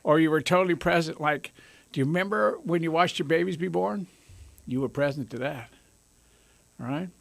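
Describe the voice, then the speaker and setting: A man hosting a radio talk show in a studio, talking with high energy and joking at his own expense. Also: moderate pace, creaky, long pauses, fairly bright tone, no room sound. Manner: high-energy, jokey, self-amused. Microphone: studio microphone.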